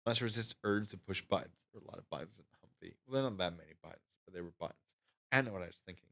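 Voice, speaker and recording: A man in his thirties telling army training stories to his live chat in a casual way, acting out the other voices. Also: mid-range voice. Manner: animated, acts out voices with loud shouts. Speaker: channel host recounting army training.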